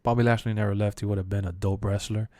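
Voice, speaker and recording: A young man chatting casually on a live stream, answering chat in loose slang and bursting into loud shouts when he quotes people. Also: lowish voice, fast talker, no room sound. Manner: animated, jumps to shouts when quoting.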